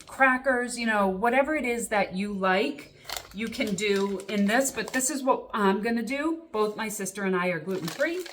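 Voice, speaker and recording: A woman's voice: on the high side, fairly bright tone, a little hiss or hum. A middle-aged woman hosting a casual kitchen demonstration, chatty and upbeat, checking in with viewers with a frequent "okay?". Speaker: cooking show host.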